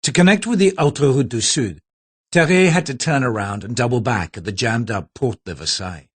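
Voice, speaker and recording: A man narrating a thriller audiobook in a steady, low-key way. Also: a little fast, breathy edge. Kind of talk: scripted narration.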